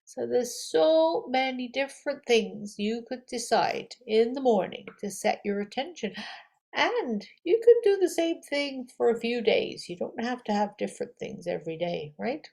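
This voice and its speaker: A woman yoga teacher gently leading affirmations and breathing for a guided meditation. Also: on the high side, lively intonation, creaky. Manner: gentle, slow, encouraging, with audible breaths.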